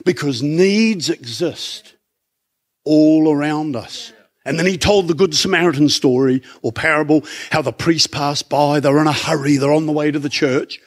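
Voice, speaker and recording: A middle-aged man with an Australian accent preaching in church, conversational and animated, full of rhetorical questions. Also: on the high side, moderate pace. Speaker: pastor. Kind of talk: sermon.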